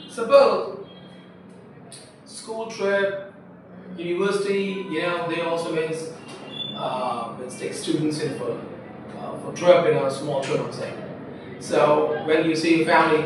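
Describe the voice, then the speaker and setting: High, bright teacher. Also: male voice. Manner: explains slowly and repeats points, quizzing students. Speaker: English teacher. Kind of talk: classroom grammar lesson. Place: echoey classroom. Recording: echoey room, voice from far off, faint hiss.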